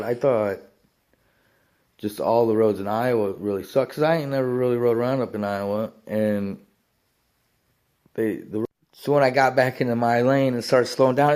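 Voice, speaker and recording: A man's voice: mid-range voice, darkish tone. A man telling a rambling biker story in casual talk, swearing often and laughing between lines.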